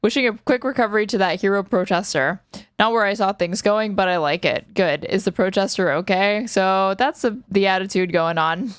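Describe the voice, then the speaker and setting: A woman hosts a live stream, tossing out sarcastic, profane asides between news clips. Her voice is clear and smooth. The recording is close and dry. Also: medium pitch, a little fast, dry recording. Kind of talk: casual live-stream commentary.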